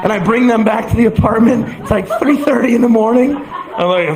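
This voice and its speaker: A young man doing stand-up, telling an animated story and laughing through it. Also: very high voice, a little fast, crowd noise. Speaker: stand-up comedian. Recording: roomy stage sound with background noise.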